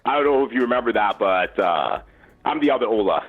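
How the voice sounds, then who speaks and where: A man from Canada with a Canadian accent, calling in to a radio show and speaking earnestly, with many halting restarts. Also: mid-range voice, animated. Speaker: caller. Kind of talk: phone-in chat. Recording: dull lo-fi phone line.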